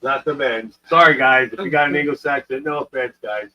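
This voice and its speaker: A man with a deep radio voice co-hosting a casual live-stream chat in a playful, joking way. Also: fairly even intonation, a little fast, lo-fi sound.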